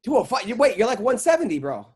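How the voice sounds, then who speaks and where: A man hosting a casual podcast with a high voice that keeps starting his questions over. He teases his guests and laughs easily as he goes. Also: big pitch swings, fast, a little mellow, husky. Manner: teasing, laughs often, many restarts. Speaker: podcast host.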